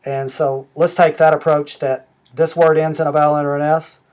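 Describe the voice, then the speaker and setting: A middle-aged man walking through a language-learning app step by step, explaining rules slowly and methodically. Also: fairly high pitch, level tone, darkish tone, clear, resonant tone. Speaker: app demonstrator. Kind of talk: screen-recorded app tutorial.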